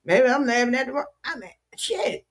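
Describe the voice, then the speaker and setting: Tired woman streamer ranting and venting, gravelly voice, keeps repeating herself. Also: high-pitched, sing-song, moderate pace. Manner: frustrated, repetitive, profane, slang-heavy. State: weary, worn out. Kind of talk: emotional livestream rant.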